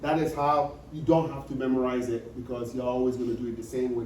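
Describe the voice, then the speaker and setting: Speaking quickly with few pauses, a man with a darkish, mid-range voice and fairly even intonation teaches an accounting class. He goes over key points repeatedly and checks comprehension with frequent questions. The audio comes from a distant mic in a reverberant room, with faint noise.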